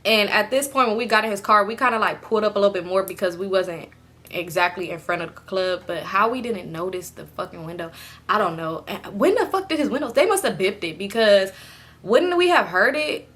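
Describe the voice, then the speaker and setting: A young woman vlogger telling a casual storytime, chatty and animated, swearing freely and laughing often. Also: mid-range voice, a little fast.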